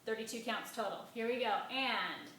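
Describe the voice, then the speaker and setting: A woman's voice: a little high, moderate pace, a bit bright, a little hiss or hum. Upbeat woman teacher chanting grammar syllables. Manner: upbeat and encouraging, chanting syllables and clapping beats. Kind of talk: classroom-style grammar lesson. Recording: very echoey room, mic at a distance.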